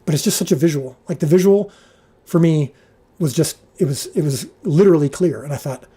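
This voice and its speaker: A man with a slightly high, husky voice tells a lively behind-the-scenes story on a livestream. His tone stays mellow and soft-edged. He stumbles and restarts often, and his pitch jumps when he quotes the crew. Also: a little fast. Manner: animated anecdote, jumps up in pitch when quoting people; frequent restarts and filler words. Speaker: show creator and director.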